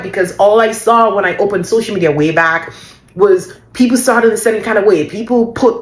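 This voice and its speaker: Speaking in a mid-range voice with reverberant sound, a faith-based business coach delivers a motivational Christian talk. She stresses points emphatically by repeating phrases, frequently laughing partway through sentences.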